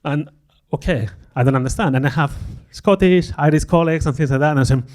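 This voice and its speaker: A middle-aged man tells a personal story at a conference, his voice sitting slightly higher than most. He pokes fun at himself and slips into little acted-out quotes of what he was thinking. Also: fast. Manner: animated, self-deprecating, acts out quoted thoughts. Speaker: conference speaker.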